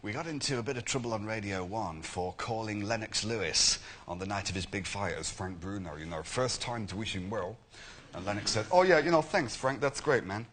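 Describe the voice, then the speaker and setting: A male impressionist, a talk show guest, telling anecdotes in an animated way. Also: on the low side, fairly quick, a little hiss or hum. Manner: animated storytelling, slipping into impressions.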